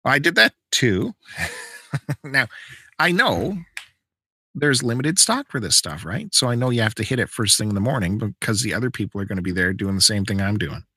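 A man with a fairly low, slightly breathy voice speaks at a moderate pace, recorded clean in a studio with no room sound. He's hosting a podcast and telling a story in casual conversation, animatedly acting out the people in it.

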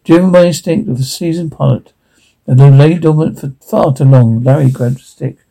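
A man's voice: fairly high pitch, normal speed, gravelly, warm tone, poor audio. A man dramatically narrating a scene and reading out its sound cues. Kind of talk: dramatic retelling of a show scene.

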